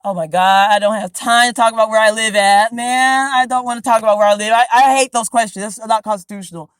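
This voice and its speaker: Brief: high-voiced American woman in her forties, rapid and insistent, recorded dry inside a car. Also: steady tone, smooth, no echo, poor audio. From USA. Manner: insistent, repetitive, rambling. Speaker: motorist questioned by police. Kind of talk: tense confrontation. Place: inside a parked car at night.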